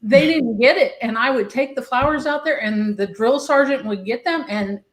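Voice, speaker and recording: A woman guest in a casual chat, telling animated anecdotes and mimicking the people in them. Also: fairly high pitch, moderate pace.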